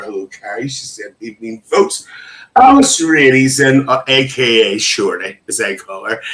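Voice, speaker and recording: A middle-aged man, hosting a casual livestream. He reads the chat aloud and welcomes each viewer by name in a chatty, familiar way. His pitch sits in the middle for a man. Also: bright, forceful tone. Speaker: livestream host.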